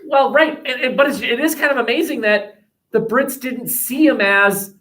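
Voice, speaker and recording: A man's voice: very high voice, normal speed, pushed and bright. A man with an American accent teaching a history class, talking in a chatty, digressive way with many restarts. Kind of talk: classroom discussion. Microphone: webcam.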